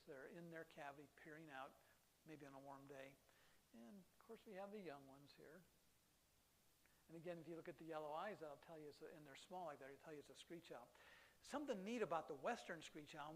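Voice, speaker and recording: A man's voice: fairly high pitch, a little hiss or hum. A man giving a chatty, enthusiastic lecture on birds to a live audience in a hall, often restarting his sentences. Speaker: birding lecturer.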